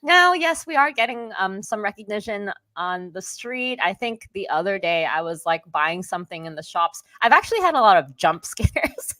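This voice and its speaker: A young woman chats away as a podcast guest, lively and laughing easily, slipping into quoted voices as she tells things. Her pitch sits in an ordinary middle range, and the sound is close and dry with no room around it. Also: moderate pace, hardly any pauses, no room sound. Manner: chatty and animated, often laughing, acts out quotes. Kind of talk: casual interview chat.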